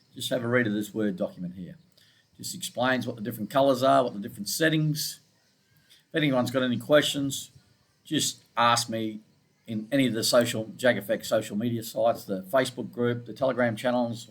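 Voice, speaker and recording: A man from Scotland with an Australian accent, walking through his trading charts in a laid-back, informal and self-deprecating way. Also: mid-range voice. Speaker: forex trading analyst. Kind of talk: casual screen-share market walkthrough.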